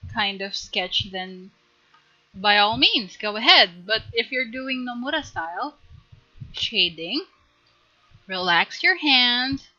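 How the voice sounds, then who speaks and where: A woman teaching a live drawing tutorial on stream, chatty and giggly, gently coaching her viewers. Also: mid-range voice, lo-fi sound.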